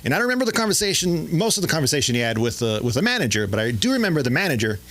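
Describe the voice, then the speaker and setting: A man in his forties from San Jose, telling a halting, dry stand-up story and introducing the next act. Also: a little high, very animated, a bit bright, no echo, rough recording. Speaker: comedian and host introducing acts. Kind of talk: open mic stand-up.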